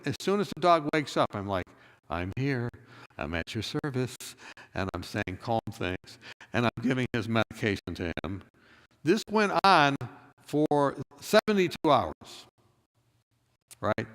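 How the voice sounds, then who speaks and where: Preaching in church, a pastor tells a personal story, acting out the dialogue before climbing to emphatic moments. His mid-range voice is sing-song and fairly bright, moving at a moderate pace.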